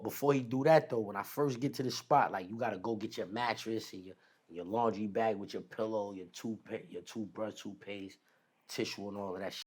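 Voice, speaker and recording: A man telling a long personal story in casual, slangy street talk, animated as he retells it. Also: fairly low pitch. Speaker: podcast guest.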